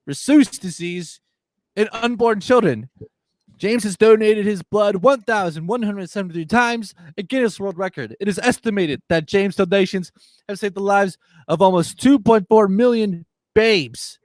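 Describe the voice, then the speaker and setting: High-voiced man reading a list. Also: no echo. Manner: reads out a list, laughing a lot. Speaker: co-host. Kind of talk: casual chat, reading a list aloud.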